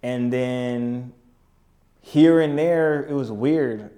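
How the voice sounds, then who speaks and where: A man's voice: mid-range voice, drawn-out words, dark tone. Laid-back young man telling stories with slang. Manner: laid-back, slangy, keeps saying "you know what I mean". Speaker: podcast guest, business owner. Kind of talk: casual storytelling chat.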